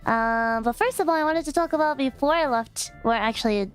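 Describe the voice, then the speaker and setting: Hoarse raspy young woman chatting on stream, a bit high, bubbly and rambly, faint music behind. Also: a little fast. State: hoarse, voice partly gone. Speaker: VTuber streamer. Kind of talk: casual chat stream.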